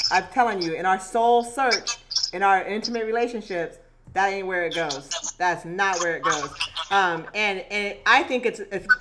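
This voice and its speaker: Emphatic woman over a noisy recording. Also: medium pitch. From Eugene, Oregon. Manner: emphatic, reflective, lots of affirmations. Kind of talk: casual chat.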